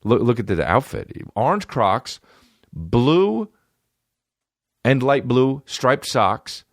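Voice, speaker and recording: Man, thirties, comedy podcast host, profane riffing, lively pitch, dry close sound. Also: slow pace, dry recording. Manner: profane, riffing, jumps into mocking voices.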